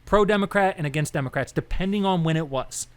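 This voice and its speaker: The tone is clean as this young podcast co-host chats casually about politics at a quick clip. His voice sits slightly high for a man, and he tends to ramble, restart, and act out characters through animated quotes.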